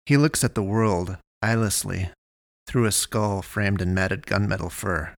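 Low-voiced man reading a dark story. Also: a little slow, vocal fry, no echo, clean studio sound. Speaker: narrator. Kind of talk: first-person story reading.

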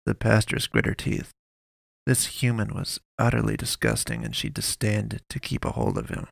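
A man reading a scripted story in a steady, measured way. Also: on the low side, gravelly, no room sound. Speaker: narrator.

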